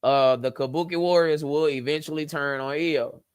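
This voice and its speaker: A man's voice: fairly high pitch, fairly even intonation, moderate pace, smooth, no echo. A man co-hosting a podcast, chatting emphatically and agreeing readily. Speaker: podcast co-host. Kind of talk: casual chat.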